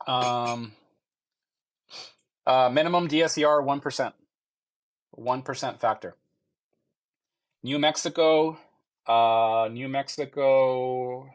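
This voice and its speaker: A young man hosts a live question-and-answer stream about loans. He talks casually and haltingly, repeating phrases while he checks each answer. His voice sits at an ordinary middle pitch. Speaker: mortgage loan officer.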